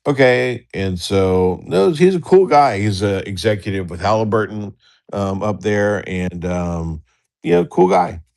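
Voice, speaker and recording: Low-voiced middle-aged guy rambling thru a crude story, laughing, doing the other voices. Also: lively intonation, a little slow, vocal fry, a little mellow. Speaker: storyteller on a livestream talk show. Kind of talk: casual storytelling.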